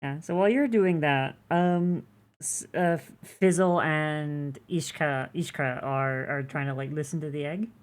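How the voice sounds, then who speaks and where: A woman's voice: low-pitched, measured pace. A woman narrating a tabletop game as game master, rambling with many fillers as she describes scenes.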